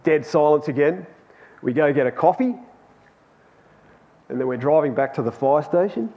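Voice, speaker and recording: A man's voice: a little high, expressive, normal speed, phone-quality sound. A man telling a personal story in a chatty, anecdotal sermon to a youth Bible class in a church hall. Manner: chatty and anecdotal, with laughs and restarts.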